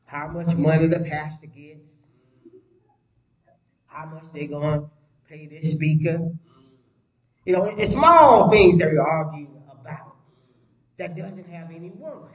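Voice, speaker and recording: A man preaching a sermon in a folksy call-and-response style, often asking the congregation "you follow me?" and sometimes dropping to a soft, calm tone. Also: fairly high pitch, slow, long pauses. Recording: roomy, dull church recording.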